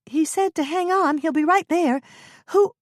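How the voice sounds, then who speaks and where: Frightened young woman, high and worried, near tears, put on by a woman narrator. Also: a little slow, no echo, clean studio sound. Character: anxious young woman calling from above.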